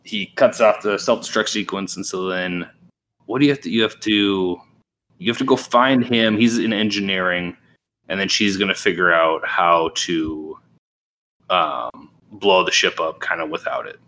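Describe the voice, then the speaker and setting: Really deep voiced dude chatting on a gaming podcast, laid back, agrees a lot. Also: male voice, moderate pace, pushed and bright, a little hiss or hum. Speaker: podcast co-host. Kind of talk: casual gaming podcast chat.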